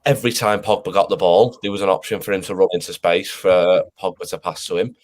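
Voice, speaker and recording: A man on a football fan panel rants in exasperation and swears freely. His voice sits a little low. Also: steady tone, quick pace. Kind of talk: casual fan panel chat.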